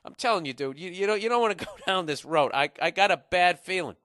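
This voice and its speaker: A man's voice: high voice, lively intonation, fast, fairly bright tone, no echo, studio quality. A man in his forties hosting a podcast, giving blunt, profane advice in a rambling comic rant. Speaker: podcast host. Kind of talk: casual comedic advice rant.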